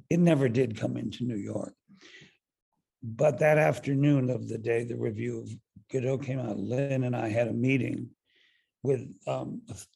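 An older man, an actor and director, telling a long anecdote in an interview, halting often with fillers and restarts. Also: medium pitch, vocal fry, warm tone, breathy edge.

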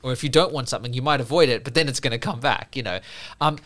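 This fast-talking man has a mid-range voice and a fairly bright tone. A podcast guest speaking from a Buddhist view, he chats casually while explaining a Buddhist idea and telling a story, packing in fillers and repeatedly starting over.

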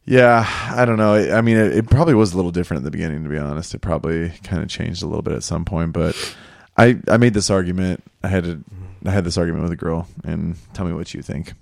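A man in casual conversation, speaking in a relaxed, conversational way. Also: low voice, fast talker, vocal fry, no room sound, clean studio sound. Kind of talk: casual chat.

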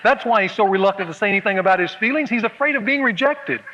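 Comic sermon bit: man doing an anxious young woman, high, bright, breathless worry; dull lo-fi tape, hall reverb. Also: animated, fast talker, slight background noise. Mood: fretful. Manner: fretful, breathless, spiralling worry.

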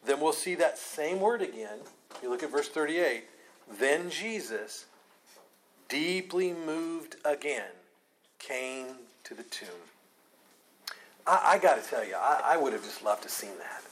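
A man's voice: fairly high pitch, animated, a little slow, fairly bright tone, low-quality recording. A man teaching a Bible study class, earnest and emphatic, taking questions from the group.

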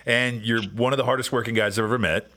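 A man's voice: mid-range voice, fairly even intonation, quick pace, sharp tone. A man hosting a casual podcast chat, telling long rambling stories and acting out what people said. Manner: rambling storyteller, acts out quotes. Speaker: podcast host.

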